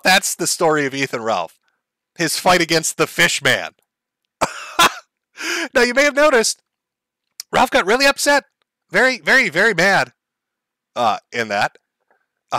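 A man's voice: on the high side, big pitch swings, normal speed, long pauses, bright, forceful tone, dry recording. Mocking, profane male commentator. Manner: mocking, profane, laughs often. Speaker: commentary host.

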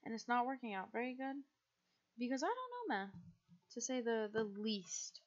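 A woman's voice: fairly high pitch, very animated, normal speed. A teenage girl streaming a game late at night, chatting casually in a tired, rambling, self-deprecating way. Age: teens. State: sleepy, yawning. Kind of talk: casual gaming stream chat. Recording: slightly muffled stream mic.

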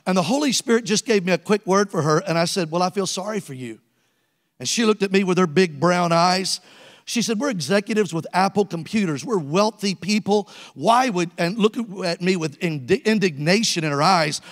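A man's voice: sits high, a little fast, fairly bright tone. Evangelist in his sixties, reverberant church. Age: 60s. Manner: storytelling preacher, calls to the congregation. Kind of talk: sermon. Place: church sanctuary.

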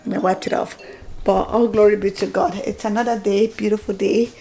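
A woman in her thirties chatting excitedly to her phone camera at home in a casual vlog, stopping and restarting her sentences. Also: medium pitch, a little fast. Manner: chatty, excitable, self-interrupting. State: out of breath. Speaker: vlogger.

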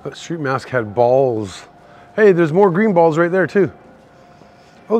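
A man's voice: on the high side, very animated, normal speed, a little mellow. Tipsy Canadian man chatting on a walk. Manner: rambling, chatty, talks to chat viewers while walking. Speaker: live-streaming street tour host. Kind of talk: casual live-stream walking tour chat. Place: outdoor city shopping street.

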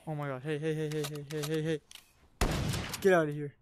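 A high-voiced man talks through a VR survival game as a casual gameplay commentator. He is excitable, often shouting at enemies and then muttering quietly to himself. A faint hiss sits under his voice. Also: a little fast, pauses often. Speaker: gaming channel host.

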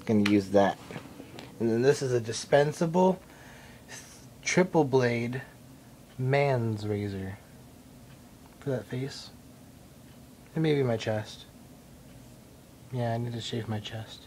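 A man's voice: mid-range voice, slow, pauses often, darkish tone, slight background noise. A young man rambling and swearing in a casual, self-mocking way while he records himself at home. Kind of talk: casual vlog. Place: indoors at his mom's house. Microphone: self-recorded camera mic.

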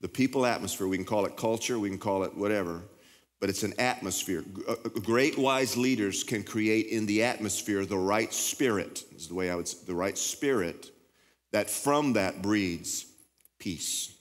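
A man with a Texan accent preaching a sermon as pastor, with emphatic, impassioned delivery that jumps up in pitch when he gets revved up. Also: normal speed. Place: large church hall. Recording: reverberant church hall.

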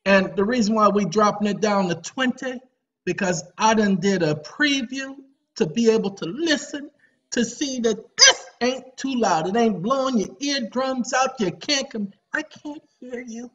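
A man's voice: high voice, lively intonation, measured pace, pushed and bright, highs cut off. A man hosting his own video channel, talking to viewers in an emphatic, preachy way and often calling them y'all. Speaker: video host. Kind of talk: animated informal video commentary.

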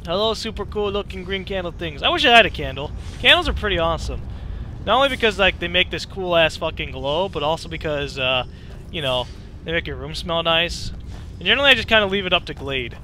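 A young man rambling through casual gameplay commentary, excitable and profane. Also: a little high, brisk, a little hiss or hum. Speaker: let's play gamer.

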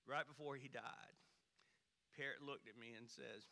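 A man preaching from a church stage. He tells the story in a folksy way, and his voice swings high and loud for emphasis. His tone is very bright and forceful, and his voice rings out through a hall with a long reverb. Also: normal speed. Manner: folksy storyteller, animated swings in pitch and volume. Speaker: pastor. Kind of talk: sermon with a humorous story. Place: church sanctuary.

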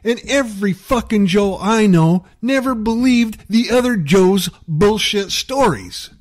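A man rants furiously into the camera, his voice pitched a little high and swinging wildly up and down. He swears constantly and spits out mockery with heated scorn. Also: lively intonation, a little slow. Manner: heated, profane, mocking. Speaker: YouTube commentator. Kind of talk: angry rant.

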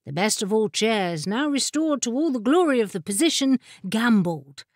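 A woman narrating a fantasy audiobook in a measured, expressive storytelling voice, on a close studio mic. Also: fairly high pitch, dry recording.

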